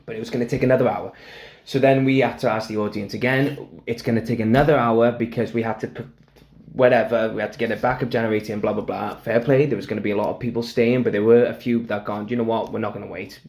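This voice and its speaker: Gravelly man telling a lively anecdote. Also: medium pitch, quick pace. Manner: animated anecdote-telling, acts out quotes, laughs often. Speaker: podcast co-host. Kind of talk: casual storytelling chat.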